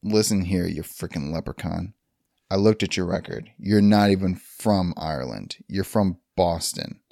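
A man's voice: low voice, normal speed, creaky, warm tone, dry recording, studio quality, voice pushed down. A man improvising a blunt police interrogator who accuses a suspect. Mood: gruff. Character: gruff male police interrogator. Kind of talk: improv comedy scene.

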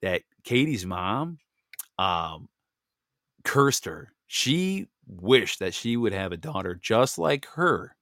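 A young man hosting a podcast, telling family stories in a casual, animated way, laughing often and acting out what people said. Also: lowish voice, slow, no room sound, studio quality. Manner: animated storyteller, laughs often, acts out dialogue. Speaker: podcast host. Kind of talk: casual chat.

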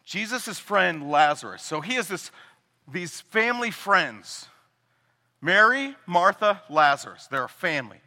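A man preaching a sermon as pastor, animated and joking, acting out the people he quotes. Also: high-pitched, measured pace. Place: church sanctuary. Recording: long hall reverb.

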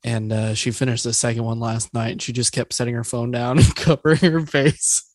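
A man's voice: mid-range voice, little pitch movement, a little fast, no room sound, clean studio sound. A man co-hosting a podcast, chatting casually and laughing at himself. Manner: laughing, self-deprecating. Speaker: podcast co-host. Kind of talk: casual chat.

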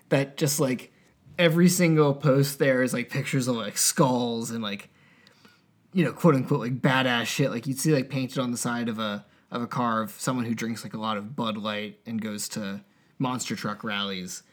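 A man's voice: medium pitch, moderate pace. A man co-hosting a podcast, chatting in a rambling way full of fillers, a little sleepy. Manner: lively, rambling, lots of fillers. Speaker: podcast co-host. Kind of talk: casual chat.

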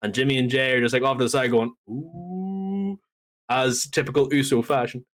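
A man on a podcast casually recapping a wrestling show, telling it as a lively story and acting out the lines. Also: mid-range voice, quick pace. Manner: animated storytelling, acts out quotes. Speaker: podcast co-host.

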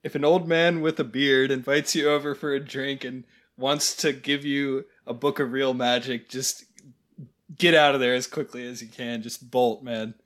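A man with an ordinary mid-range voice, co-hosting a film podcast. He delivers dry, deadpan jokes and trails into hesitant restarts as he gathers his thoughts. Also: medium pitch, normal speed. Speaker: podcast co-host. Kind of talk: casual film review chat.

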